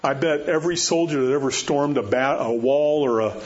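A man's voice: mid-range voice, normal speed. A man preaching a sermon in a conversational way, often checking in with his listeners through rhetorical questions. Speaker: pastor. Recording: dull lo-fi sound with faint noise.

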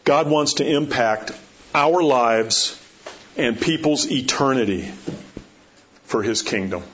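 A man's voice: medium pitch, slow pace, a bit bright. A man pastor preaching a sermon, emphatic and storytelling, repeating rhetorical questions. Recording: dull lo-fi recording.

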